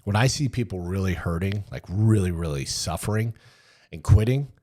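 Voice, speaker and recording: A man in his fifties with a fairly low voice tells an old service story in a relaxed, unpolished way. He swears freely and drops into hushed asides when he replays what was said back then. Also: normal speed. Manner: loose and profane, acts out remembered exchanges in hushed asides. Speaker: interview guest, former Army Ranger. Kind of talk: casual storytelling.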